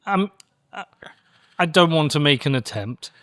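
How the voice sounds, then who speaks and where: British male host, higher voice, chatty and casual, dry close mic. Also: expressive, fairly bright tone, no room sound. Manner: casual, chatty, quick interjections. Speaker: podcast host. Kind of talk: interview conversation.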